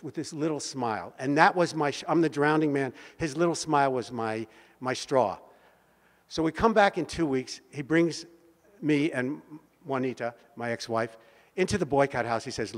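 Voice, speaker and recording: A man in his seventies telling a personal story to a community meeting, vivid and animated with dramatic pauses. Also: on the high side. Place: meeting hall. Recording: long hall reverb.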